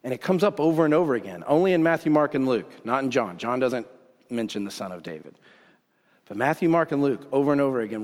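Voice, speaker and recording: Animated male pastor in a reverberant hall. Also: medium pitch, fast. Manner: casual, animated storytelling with bursts of excitement. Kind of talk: sermon.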